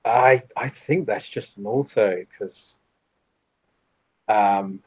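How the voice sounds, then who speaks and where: A man's voice: fairly low pitch, slow pace, darkish tone, breathy edge, no echo. A man narrating as game master for a tabletop game, with a rambling, stop-start delivery and a slightly muffled recording. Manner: rambling, with many restarts.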